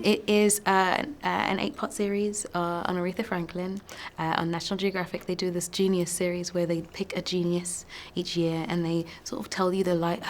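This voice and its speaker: Soft-spoken woman actor, lowish voice. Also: slight background noise. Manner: thoughtful, soft-spoken, laughs often. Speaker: actor promoting a film. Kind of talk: press junket interview.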